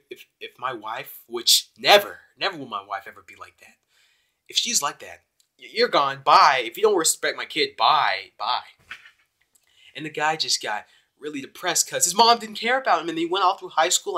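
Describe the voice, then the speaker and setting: Bright, excitable young man reviewing anime. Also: a little high. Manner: excitable, rambling, with many fillers. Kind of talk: casual video review.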